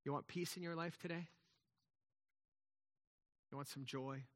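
A man's voice: on the high side, fairly even intonation, measured pace, a bit bright. A man preaching a sermon in a conversational way, with emphatic swells and frequent restarts. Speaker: pastor.

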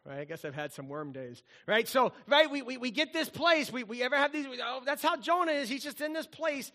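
A middle-aged man, a pastor, preaching a sermon in a playful, animated storytelling manner. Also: very high-pitched, fairly quick, hardly any pauses.

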